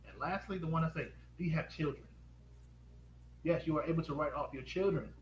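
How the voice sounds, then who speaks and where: A man hosting a live stream pitch, upbeat and quizzing viewers with rapid questions. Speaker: host. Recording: echoey room with faint noise.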